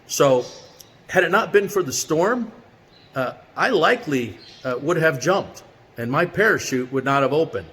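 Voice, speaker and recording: A middle-aged man telling a personal story in a relaxed, chatty way as a vlogger with a weekly quote, with plenty of fillers as he talks. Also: on the high side, measured pace. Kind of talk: casual motivational storytelling. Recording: long reverb with faint background noise.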